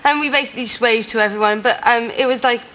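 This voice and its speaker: A woman's voice: fairly high pitch, fast talker, fairly bright tone, rough recording. A woman from a studio audience telling a short anecdote, a little hesitant. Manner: hesitant, with fillers. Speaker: audience member.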